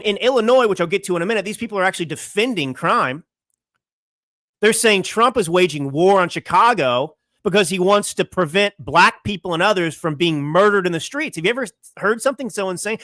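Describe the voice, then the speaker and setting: A young man hosts his own political commentary show, firing off indignant rhetorical questions in a combative rant. His voice is bright and forceful and sits a little high. The sound is dry and close, with no room around it. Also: animated, brisk, dry recording. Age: young adult. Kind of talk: fiery political commentary monologue. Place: California home studio.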